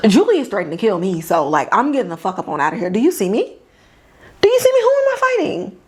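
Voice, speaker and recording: A woman's voice: fairly low pitch, big pitch swings, quick pace, voice pushed down. A woman doing a flippant, slangy male gladiator. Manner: slangy, casual, profane. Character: blunt streetwise male gladiator, flippant, ready to flee.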